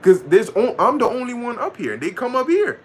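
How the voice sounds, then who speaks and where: A man's voice: extremely high pitch, big pitch swings, brisk, husky, voice pushed up, full character voice. A man voicing God as a baffled, exasperated male deity who swears in disbelief at people praying to other gods. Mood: incredulous. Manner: incredulous, profane, mocking.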